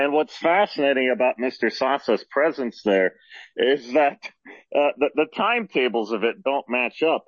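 Low voiced guy guesting on radio, lots of ums, muffled lo-fi dry sound. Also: no room sound. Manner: halting, many fillers and restarts, spells out names. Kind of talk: conversational radio interview.

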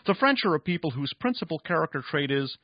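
A man voicing a frail, dying old man who coldly lectures with a raspy voice. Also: fairly high pitch, very animated, quick pace, no room sound, highs cut off, pitched above the performer's own voice. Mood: cold, lecturing. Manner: raspy, pronouncing grim verdicts.

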